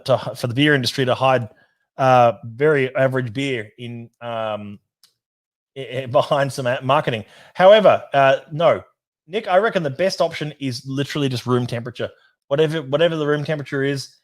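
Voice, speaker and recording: A man's voice: mid-range voice, fairly quick. A man hosting a casual whisky livestream, chatting loosely, reading out viewer comments and laughing easily. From Australia. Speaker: whisky society host.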